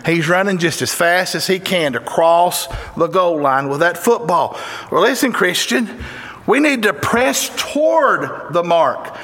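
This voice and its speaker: A high-pitched man with a Southern Tennessee accent preaches a sermon in a fervent, folksy way, breaking into excited exclamations. His voice rings through a church sanctuary with a long, echoey reverb trailing each phrase. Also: a little slow. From Tennessee, USA. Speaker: guest preacher.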